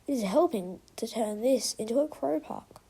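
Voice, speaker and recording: A woman voicing a sneaky villainous crow king who had been posing as a cat, speaking in a low, gloating snarl. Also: expressive, moderate pace, mellow, breathy edge.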